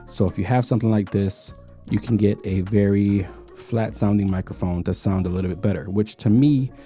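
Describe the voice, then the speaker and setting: A man's voice: lowish voice, normal speed, mellow, soft background music. A man giving a casual, explanatory tech review in a home studio, sometimes repeating words as he thinks. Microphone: studio microphones being compared.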